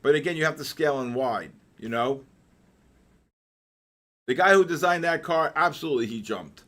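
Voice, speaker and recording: An older man with a somewhat high voice runs a live trading stream. He talks excitably, breaking off from chart commentary into jokey tangents and sudden loud outbursts. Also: moderate pace. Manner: excitable, joking storyteller with loud exclamations. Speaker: trading session host.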